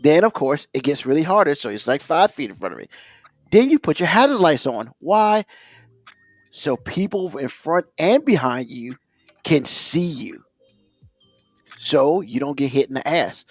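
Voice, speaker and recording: Ranting high-voiced man. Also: measured pace, dry recording, faint music behind. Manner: animated ranting with mocking put-on quotes. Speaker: podcast co-host. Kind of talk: ranting casual chat.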